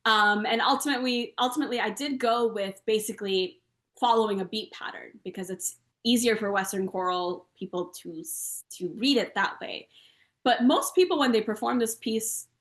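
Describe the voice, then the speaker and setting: A woman composer and singer talks through her music in a relaxed interview, chanting rhythm syllables and counting beats out loud. She speaks over a video call from a room with a noticeable echo. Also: fairly high pitch, normal speed. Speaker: guest composer and Carnatic singer. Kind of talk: conversational interview explanation. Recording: roomy echo.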